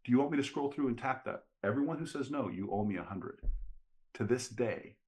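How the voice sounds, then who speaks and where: A sales trainer appears as an interview guest, telling stories in an animated way and quoting people's dialogue. His voice sits at medium pitch and moves a little fast.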